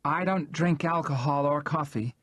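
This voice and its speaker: A man's voice: mid-range voice, fast, a little mellow, slightly rough, no room sound, studio quality, lightly acted. A male narrator voicing an anxious young woman journalist who chatters in long run-on sentences.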